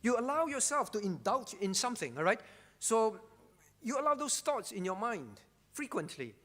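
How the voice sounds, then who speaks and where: Male pastor, high-pitched, emphatic sermon delivery with repeated phrases, long church-hall reverb. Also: big pitch swings, moderate pace, a bit bright. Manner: emphatic, repeats key phrases, frequent rhetorical "all right?".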